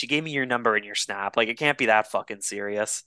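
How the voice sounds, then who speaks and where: A man's voice: lowish voice, fast talker, sharp tone, clean tone, no room sound. A man in his twenties, a podcast co-host, telling a rambling, profane dating story in casual chat. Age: 20s.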